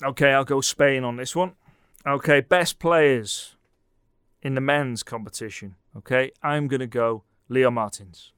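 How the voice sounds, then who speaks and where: Jokey podcast host, mid-pitched man. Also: a little slow, a bit bright, clean tone, no room sound, clean studio sound. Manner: jokey, teasing banter. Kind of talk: casual podcast chat.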